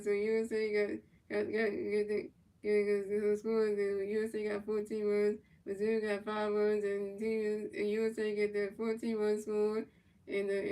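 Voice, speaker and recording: Woman, gaming commentator; flat monotone play-by-play, repetitive and stumbling, heard from a distance. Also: mid-range voice. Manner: repetitive, stumbling calls with casual slang and swearing. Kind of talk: casual play-by-play commentary over a video game. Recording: voice picked up from a distance.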